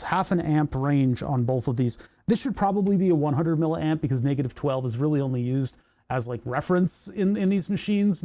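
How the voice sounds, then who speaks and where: Man hosting his own hobby channel, casual workbench talk that wanders with dry sarcastic asides; mellow tone, sits a little high. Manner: rambling, sarcastic asides, lots of restarts. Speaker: electronics hobby channel host. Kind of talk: casual workbench chat to camera.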